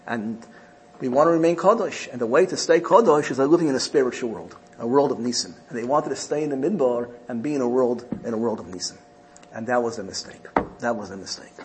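A man's voice: medium pitch, a little hiss or hum. A man giving a Torah lesson and telling a story, speaking emphatically with lots of repetition. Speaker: Torah teacher.

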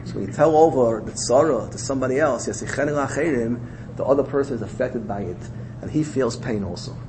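A man's voice: mid-range voice, fast, background noise. A man with a Yeshivish English accent giving a Torah lecture, telling a story in a sing-song learning cadence that rises and drops. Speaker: rabbi teaching Torah.

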